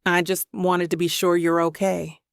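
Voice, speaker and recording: A woman voicing a grumpy, stern male professor who speaks in a low, measured, earnest way. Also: little pitch movement, vocal fry, no room sound, clean studio sound.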